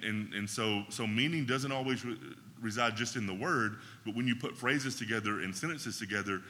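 A man's voice: mid-range voice, sharp tone, big-room sound. A man teaching a Bible class in a conversational way, often checking in with his listeners.

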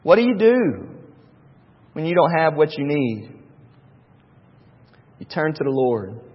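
High-voiced preacher in a hall. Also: male voice, big pitch swings, slow pace, husky. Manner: repetitive, emphatic preaching with homely asides. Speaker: pastor. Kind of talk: sermon. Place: church sanctuary. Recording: dull reverberant hall.

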